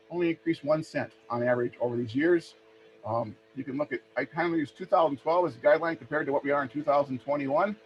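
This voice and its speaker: A man from Minnesota, calmly presenting price charts in a webinar and asking for each next slide. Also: a little high. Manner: plain, steady walk-through of price charts, asks for next slide often. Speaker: extension educator presenting a webinar. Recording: dull lo-fi webinar audio with faint hum.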